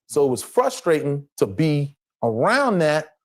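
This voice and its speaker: A middle-aged man from Los Angeles, a guest actor, telling animated stories on a panel show and slipping into other people's lines. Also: on the high side, a little slow.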